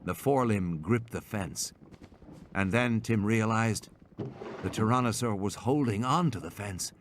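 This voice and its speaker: A man's voice: unhurried, slight background noise. A man narrating an audiobook in a dramatic, scripted style. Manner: dramatic, lively pitch swings.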